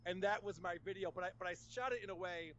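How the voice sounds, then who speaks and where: A man's voice: high-pitched, fast, fairly bright tone, lo-fi sound, slight background noise. A man appearing as a guest on a podcast, mocking and sarcastic, often laughing at his own jabs. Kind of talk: casual podcast chat.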